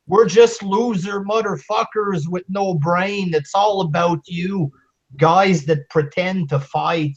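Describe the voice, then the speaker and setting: Slow, scornful ranting man. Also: fairly high pitch. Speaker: podcast host. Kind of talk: profane ranting chat.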